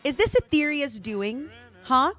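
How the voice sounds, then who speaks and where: Young woman streamer, high bright voice, super animated, little game music behind. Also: measured pace. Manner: excitable, yelling and laughing bursts. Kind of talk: casual gameplay commentary.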